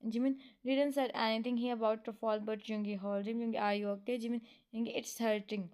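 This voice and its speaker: A woman reading a romance fan story aloud in a casual, halting way, with many fillers and restarts. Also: fairly high pitch, flat delivery, darkish tone, clear, resonant tone. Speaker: fan fiction reader.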